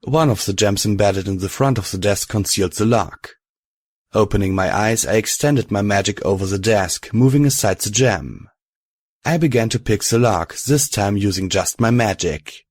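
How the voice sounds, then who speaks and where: A man narrating a fan fiction audiobook in a steady, deliberate storytelling manner. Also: fairly low pitch, dry recording, clean studio sound.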